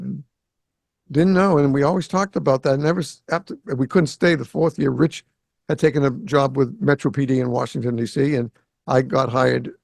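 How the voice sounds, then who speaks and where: Gravelly-voiced male storytelling host. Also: medium pitch, dry recording. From Greater Boston. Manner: animated storyteller who acts out quoted dialogue. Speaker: podcast host. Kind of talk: casual storytelling conversation. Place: home in South Florida.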